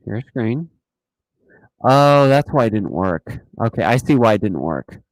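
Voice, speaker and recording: A man hosting a casual live stream, talking in an animated, mocking way and often repeating himself. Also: fairly low pitch, unhurried, no room sound, poor audio. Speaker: host of a dashcam channel live stream.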